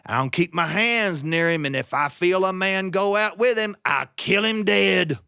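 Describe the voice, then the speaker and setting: A man voicing a huge, hungry one-eyed giant who drawls out gruff threats. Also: sits high, normal speed, bright, forceful tone, dry recording, clean studio sound, heavily acted. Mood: threatening.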